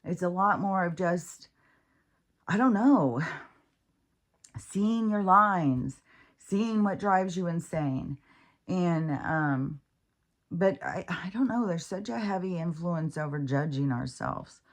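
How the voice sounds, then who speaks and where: A woman's voice: fairly low pitch, expressive, takes it slowly. A woman vlogging in a casual, rambling monologue about her spiritual life, candid and profane, with many fillers and restarts.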